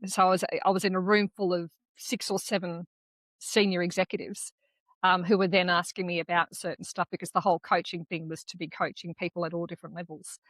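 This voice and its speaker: An Australian woman co-hosting a podcast, chatting casually and telling candid, animated stories with the odd swear word. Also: lowish voice, a little fast, no echo. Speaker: podcast co-host. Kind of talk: casual conversational chat.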